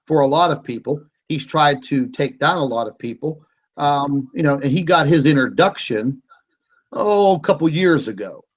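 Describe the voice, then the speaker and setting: Brief: male host, slightly high voice, rambling and sarcastic, dull lo-fi call sound. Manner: meandering, hesitant, sarcastic. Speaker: show host. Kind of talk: casual online panel chat.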